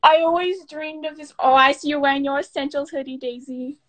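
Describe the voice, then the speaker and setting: A teenage girl chatting excitedly as a fan guest on a live stream, giddy and a little breathless. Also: high-pitched, brisk. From United States. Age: teens. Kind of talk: excited casual chat.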